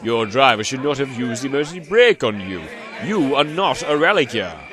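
A stern older railway boss lays down the law in a firm, measured tone, as a man puts him on. The storybook figure speaks with plain authority. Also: medium pitch, very animated, a bit bright.

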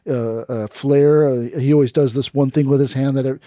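An aikido teacher tells stories during a casual podcast chat, his mid-range voice moving at a normal pace and getting animated whenever he acts out people he's quoting. The sound is clean studio audio with no echo.

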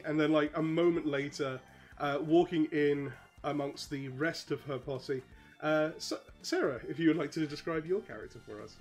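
A man narrating as game master of a tabletop role-playing game, relaxed and full of fillers. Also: a little high, normal speed, faint music behind.

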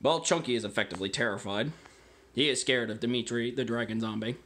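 A man's voice: medium pitch, fast, fairly bright tone. A man hosting a casual home video, tasting wine and chatting to his dogs between remarks. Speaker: amateur wine vlogger.

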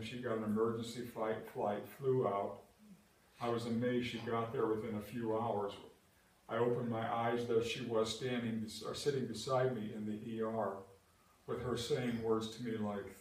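A man's voice: fairly low pitch, a little mellow. An older man preaching a sermon as pastor, telling a personal story earnestly and building to emphatic, repeated declarations. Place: church sanctuary. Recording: echoey church hall from far off.

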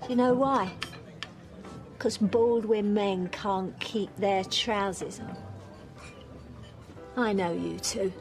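A woman's voice: medium pitch, steady tone, takes it slowly, pauses often, darkish tone, faint music behind. Drunk, mocking woman. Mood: scornful. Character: drunk bitter woman making a scene. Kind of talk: TV soap drama acting.

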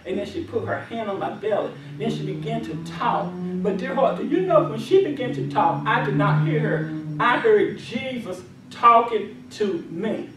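A woman's voice: medium pitch, expressive, normal speed, music in the background. A woman minister giving a testimony and then leading a deliverance prayer with fervent, repetitive commanding cries. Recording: echoey hall from far off.

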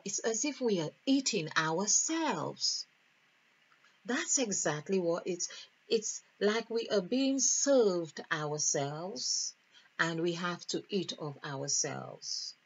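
This is a woman giving a spiritual numerology lesson, musing aloud as she adds up letters and numbers. Her voice is low and husky, and she talks slowly and deliberately. The recording is dull and lo-fi. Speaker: spiritual teacher.

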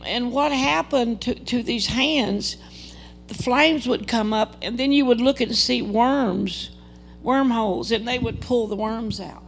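A woman's voice: on the high side, gravelly. An older woman giving an earnest, dramatic testimony sermon at a church service, acting out quoted dialogue as she tells the story. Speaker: guest preacher.

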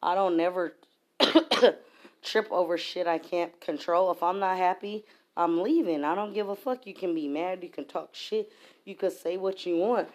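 A woman's voice: fairly low pitch, measured pace. A woman venting in an angry, profanity-laced rant to camera, heated and emphatic. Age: adult. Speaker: vlogger.

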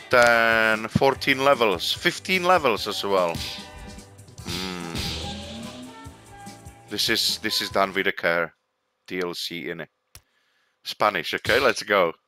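An excitable, chatty man giving casual gameplay commentary. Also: lowish voice. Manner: excitable and chatty, says "mate". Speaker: gameplay streamer.

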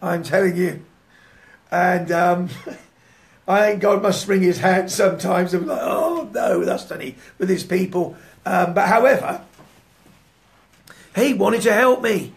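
A man preaching a fervent sermon, swinging from loud declarations to hushed prayer and laughing as he tells his story. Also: high-pitched, unhurried, pauses often. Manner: laughs often while telling a story.

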